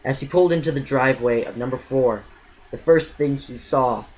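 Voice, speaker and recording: A man reading a children's novel aloud in an expressive, amateur style, occasionally stumbling and correcting himself. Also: mid-range voice, normal speed. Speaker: audiobook reader. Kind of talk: storybook reading. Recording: muffled lo-fi with faint hiss.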